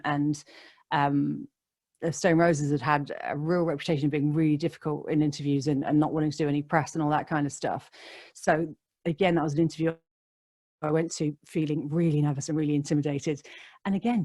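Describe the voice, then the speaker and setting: A woman's voice: low voice, darkish tone. A woman, a radio DJ, chatting as a podcast guest and telling stories with frequent laughs. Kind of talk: casual interview chat.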